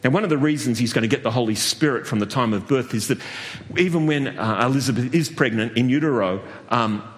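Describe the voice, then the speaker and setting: A man preaching a sermon, animated, jumping to high exclamations and laughing at his own jokes. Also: fairly quick, big-room sound. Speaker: pastor.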